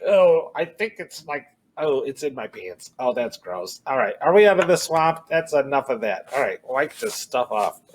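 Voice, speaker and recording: A man's voice: medium pitch, sing-song, moderate pace, hardly any pauses, a little hiss or hum. A man leading a children's story walk outdoors, chanting a repeating refrain with playful exclamations. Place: outdoors in a cornfield and woods.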